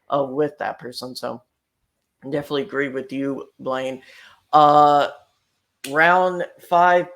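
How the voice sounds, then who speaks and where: A man's voice: fairly high pitch, fairly bright tone. Easygoing male podcast host. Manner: easygoing, asks guests questions. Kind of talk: casual podcast chat.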